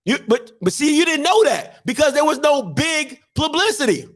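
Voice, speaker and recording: Man host, very high voice, loose rhetorical riffing, computer mic. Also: big pitch swings, a bit bright. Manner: repeats himself, drawn-out rhetorical questions. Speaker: show host. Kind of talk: casual live-stream commentary.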